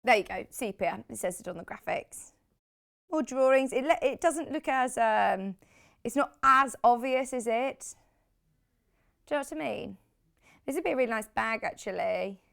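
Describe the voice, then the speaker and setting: A woman's voice: fairly high pitch, animated, moderate pace, vocal fry, long pauses, a bit bright. A British woman hosting a live TV shopping show, chatty and rambling, with lots of asides. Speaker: shopping channel host.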